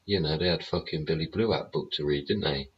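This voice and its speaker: A show host with a very deep, brisk, slightly breathy voice rants bluntly and sarcastically on a livestream, swearing heavily. The audio is dull and lo-fi.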